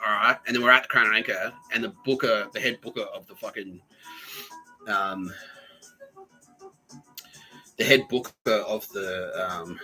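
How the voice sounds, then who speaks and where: A man's voice: on the low side, sharp tone, poor audio. A man hosting a podcast. He tells a rambling, profane story with frequent laughs and restarts. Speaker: podcast host. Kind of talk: casual storytelling monologue.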